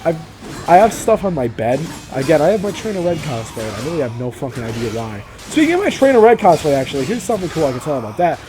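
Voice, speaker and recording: Rambling, profane young man with a lively voice. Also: on the high side, noisy background. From Vermont, US. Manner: rambling, profane, self-deprecating, quick to laugh. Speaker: let's play commentator. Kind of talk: rambling casual commentary over gameplay.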